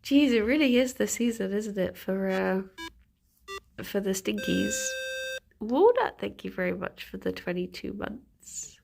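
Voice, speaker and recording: A woman's voice: mid-range voice, animated, slow pace, vocal fry, a little mellow. A woman streamer chatting casually on a live stream, congested from a cold, reading out chat messages and laughing often.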